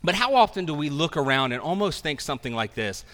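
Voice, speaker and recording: A man with a bright, slightly high voice preaches a sermon as pastor. He talks in a conversational way and drops self-deprecating asides. His voice rings with the long echo of a church hall. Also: very animated, fast.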